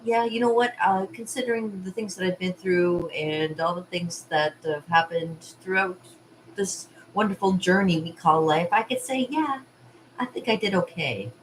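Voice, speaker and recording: A woman with a fairly low voice talks casually to camera from her art studio. She rambles from one thought to the next, laughing often between asides. A faint hum of room ambience sits behind her. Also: steady tone, moderate pace, poor audio. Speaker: party artist and vlog host. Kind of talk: casual rambling vlog chat.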